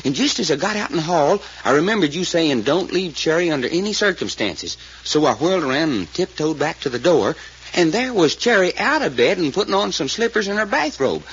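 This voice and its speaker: A man's voice: fairly high pitch, sing-song, brisk, fairly bright tone, breathy edge, exaggerated voice. An actor playing a folksy, plainspoken man in a 1940s radio drama, telling what he saw. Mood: earnest. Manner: drawling, hesitant, plainspoken storyteller. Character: folksy rural male witness called Doc. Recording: dull old radio recording, faint hiss.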